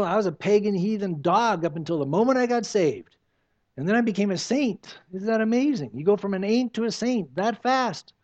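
A man's voice: high voice, darkish tone. A man in his sixties preaching a conversational sermon, slipping into acted asides and quoted voices. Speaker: pastor. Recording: dull lo-fi recording.

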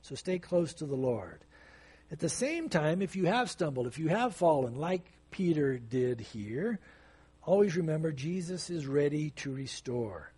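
Husky-voiced, fervent preacher man. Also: on the high side, animated, measured pace, a little mellow. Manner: emphatic, conversational preaching with sudden bursts of intensity. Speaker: pastor. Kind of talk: expository sermon.

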